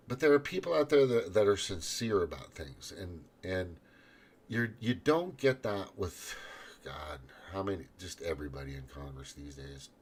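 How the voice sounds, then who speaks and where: A man's voice: deep voice, slight background noise. A man hosting his own podcast in a rambling, profane monologue full of restarts. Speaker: podcast host.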